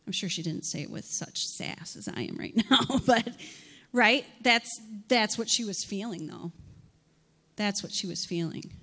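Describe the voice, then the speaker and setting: A woman pastor delivering a sermon in an animated way, asking rhetorical questions and acting out scripture dialogue. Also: on the high side, a little slow. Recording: long hall reverb.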